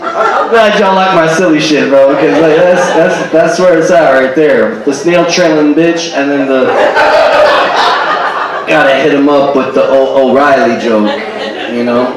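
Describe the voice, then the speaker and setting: A man doing a stand-up comedy set, animated and throwing in character voices and Spanish phrases. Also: a little high, unhurried, heavy background noise. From Cuban family. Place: stage at a live show with audience. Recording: echoey room, distant live recording with crowd. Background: audience laughing.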